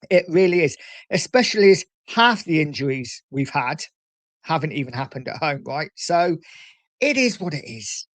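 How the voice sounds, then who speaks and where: Man, casual livestream host, fairly high voice, dry close sound, chatty, says mate a lot. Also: dry recording. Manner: chatty, calls viewers mate. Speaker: livestream host reading chat. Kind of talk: casual chat.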